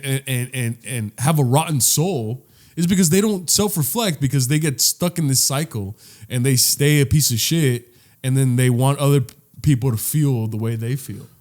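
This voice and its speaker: Earnest, swearing young podcast host. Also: male voice, medium pitch, darkish tone. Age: young adult. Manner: earnest, swears freely, repeats words when building a point. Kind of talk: casual podcast chat.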